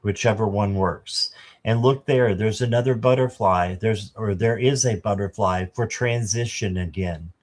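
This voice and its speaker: Slow, chatty man reading cards. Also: lowish voice. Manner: chatty, reads card text aloud. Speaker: tarot reader. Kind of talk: live-stream card reading.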